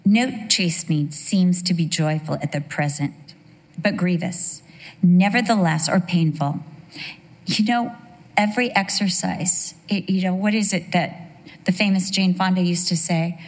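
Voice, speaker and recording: A woman's voice: lowish voice, measured pace. A middle-aged woman giving a conversational sermon, telling chatty stories with asides and questions to her listeners. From United States. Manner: chatty storytelling with frequent asides and rhetorical questions. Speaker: Bible teacher.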